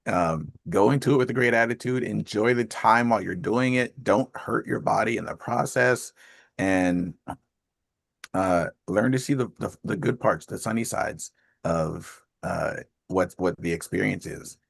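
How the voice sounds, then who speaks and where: Gravelly, deep-voiced man in his fifties. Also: a little slow, no room sound, clean studio sound. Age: 50s. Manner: rambling and chatty, laughs often. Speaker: host of an accountability call. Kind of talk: casual chat on a group call.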